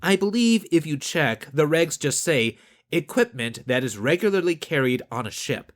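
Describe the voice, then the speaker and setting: A man voicing a clever young crewman who argues regulations in a calm, methodical way. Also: on the high side, moderate pace, voice pushed up. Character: clever young man, precise crew accountant.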